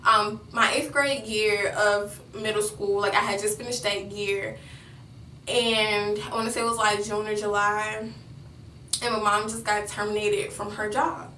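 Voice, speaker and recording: A woman's voice: mid-range voice, level tone, unhurried, pushed and bright, roomy sound, distant mic, slight background noise, rough recording. A young woman vlogger telling a personal story in a rambling way, with many fillers and restarts.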